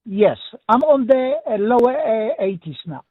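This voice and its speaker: A man's voice: very high-pitched, sing-song, moderate pace, no room sound. A man calling in to a radio show, speaking earnestly with non-native phrasing. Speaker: caller. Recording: phone line.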